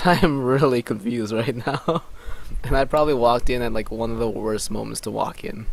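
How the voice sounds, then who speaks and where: A man's voice: mid-range voice, fairly even intonation, normal speed, gravelly. A man casually commenting on a game, reading other players' chat aloud with bemused asides. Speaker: let's player.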